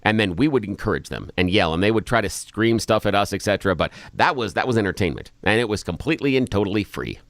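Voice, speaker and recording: A middle-aged man hosting a talk radio show, reminiscing in a relaxed, unhurried way. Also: fairly low pitch, no room sound, clean studio sound. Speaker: radio host. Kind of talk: casual chat.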